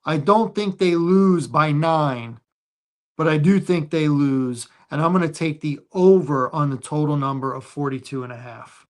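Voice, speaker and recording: A man hosting a casual football picks show, reading out lines and odds deliberately. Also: a little high. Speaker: show host. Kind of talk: casual sports picks chat.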